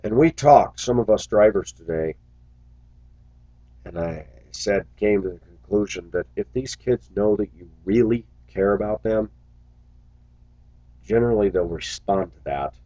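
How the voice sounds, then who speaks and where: A man's voice: on the low side, a little slow, pauses often, warm tone, no room sound, muffled recording. A man who drives a school bus, talking earnestly to his viewers in a casual, reflective monologue full of little stories.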